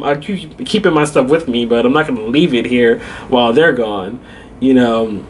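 A man's voice: fairly high pitch, normal speed. Laughing young man telling a vlog story. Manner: animated, laughs often, lots of "like" fillers. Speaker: vlogger.

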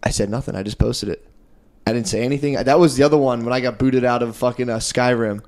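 A man's voice: mid-range voice, fairly even intonation, fast talker, darkish tone. A young man co-hosting a podcast in casual comedic chat, telling stories with a lot of energy, slipping into voices for the people he quotes and laughing often. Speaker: podcast co-host.

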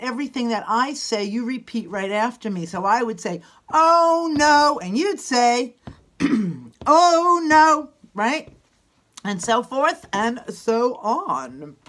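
A woman's voice: fairly high pitch, a bit bright. A woman teacher leading a children's sing-along at home, playful and coaxing as she gives step-by-step directions.

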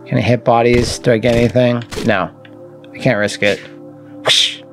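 A man's voice: mid-range voice, normal speed, gravelly, long pauses, a bit bright, faint music behind. A man casually commenting while he plays a video game, wry and jokey, swearing and talking to the enemies. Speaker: gaming channel host. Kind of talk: casual let's-play commentary.

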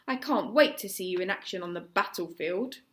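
A woman's voice: medium pitch, a little fast, fairly bright tone, natural voice. A woman with an English accent voicing a sneering, mocking boy in a storybook reading.

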